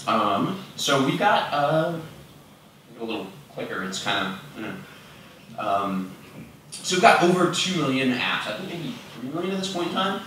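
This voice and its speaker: A man's voice: medium pitch, big pitch swings, normal speed, fairly bright tone, far from the mic, slight background noise. A young man giving a casual conference talk, chatty and self-deprecating, with lots of fillers, moving around away from a fixed microphone. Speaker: conference speaker. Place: large conference room. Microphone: fixed microphone, speaker moving around. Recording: roomy, from off-mic at times.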